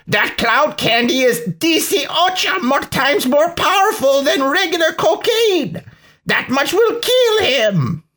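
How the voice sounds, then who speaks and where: A man voicing a sneering male drug lord villain with a put-on thick Spanish accent, shrill and growling. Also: sing-song, slow pace, pushed and bright, exaggerated voice. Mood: alarmed.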